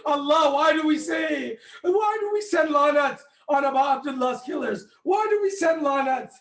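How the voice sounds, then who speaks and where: A man delivering an impassioned sermon to a congregation, often raising his voice to a near shout and putting questions directly to his listeners. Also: very high-pitched, moderate pace. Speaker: speaker at a mourning gathering. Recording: echoey hall.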